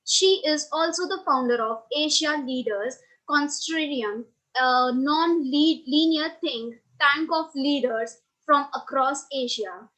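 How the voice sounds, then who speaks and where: A woman's voice: high voice, a bit bright, poor audio. A woman serving as emcee at an online psychology conference, formally reading out a speaker's biography and slipping on a few words. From India. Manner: reads the bio formally, with small slips.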